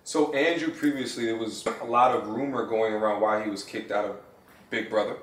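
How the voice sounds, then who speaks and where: A man in a podcast discussion, talking in a measured, hedging way as he thinks aloud. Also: fairly low pitch, fairly even intonation, a bit bright, reverberant, recorded from a distance, low-quality recording.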